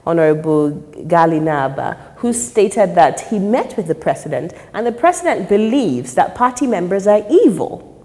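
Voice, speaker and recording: A woman's voice: on the low side, sing-song, normal speed, mellow, in a large hall. A woman hosting a political interview, asking probing questions and pressing for specifics. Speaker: interview host.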